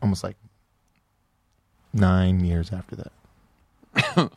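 A man co-hosting a casual comedy podcast, telling stories in an animated way and swearing freely. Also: deep voice, extremely slow, creaky, breathy edge, dry recording. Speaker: podcast co-host.

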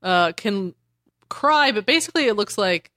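Bright, dry-sounding man in casual chat. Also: sits high, animated, moderate pace, no room sound. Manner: rambling, laughs often, acts out characters' lines. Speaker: podcast co-host. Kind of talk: casual chat recapping a comic.

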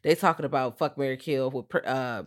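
A woman casually recapping a movie in a profane, animated way, acting out lines from the characters. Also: rumbling low, brisk. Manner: profane, animated retelling with acted-out quotes.

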